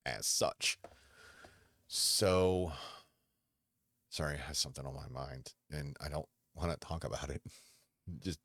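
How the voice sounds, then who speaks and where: Forties guy, super deep gravelly voice, rambling solo podcast chat, keeps restarting. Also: a bit bright, dry recording. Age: 40s. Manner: rambling, halting, with many restarts. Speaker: podcast host.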